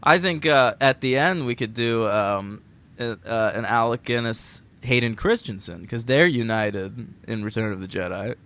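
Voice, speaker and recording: A man's voice: mid-range voice, normal speed, a bit bright. A man co-hosting a film podcast in casual chat. He is wry and joking, and he swears casually. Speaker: podcast co-host.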